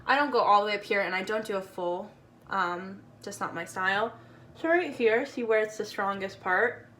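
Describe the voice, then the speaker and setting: A woman's voice: medium pitch, normal speed, pushed and bright, a little hiss or hum. A woman casually talking through a makeup tutorial, chatty and playful with slangy asides.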